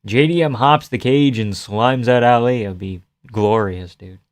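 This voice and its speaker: A man's voice: fairly low pitch, normal speed. A man live-streaming casual commentary on a fight, offhand and joking, swearing freely.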